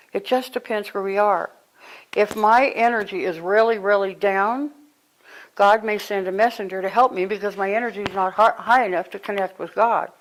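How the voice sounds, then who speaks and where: A woman speaking as a spiritual teacher to a live group, conversational and animated, telling stories and breaking into sudden exclamations. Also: mid-range voice, rough recording.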